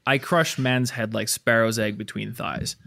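A man's voice: medium pitch, fairly even intonation, gravelly, a bit bright, dry recording, studio quality. A man doing a wrestler who talks in broken English and boasts about his strength. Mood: boastful. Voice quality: broken grammar, slow and heavy. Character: Russian-accented wrestler boasting of crushing heads.

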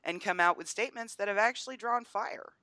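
A woman's voice: medium pitch, fairly quick, bright, forceful tone, no room sound. A woman co-hosting a podcast, talking politics in an emphatic, scornful way. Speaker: podcast co-host. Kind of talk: casual political chat.

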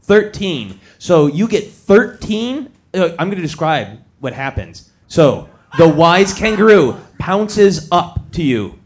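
A man's voice: sits high, sing-song. A man running a tabletop game as game master, narrating and giving roll instructions through frequent laughter. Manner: amused, often laughing, quick instructions.

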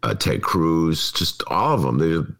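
A man hosting a casual podcast conversation, giving opinionated, animated commentary. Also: extremely low pitch, a little slow. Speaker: podcast host.

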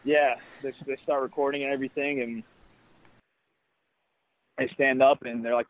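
A young adult man, a baseball player, telling a personal story in an interview in an earnest, reflective way with halting restarts. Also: medium pitch, level tone, no room sound. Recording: tinny phone-like, dry sound.

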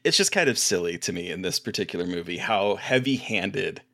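A man's voice: deep voice, lively intonation, brisk, fairly bright tone. A man co-hosting a casual movie review podcast, hesitant and repeating words as he thinks. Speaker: podcast co-host.

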